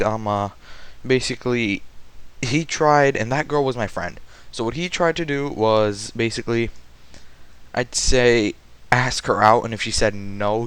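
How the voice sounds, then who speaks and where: A man's voice: mid-range voice, expressive, unhurried, fairly bright tone, clear, resonant tone. A young man telling a rambling school story in a casual vlog, full of fillers and restarts. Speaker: vlogger.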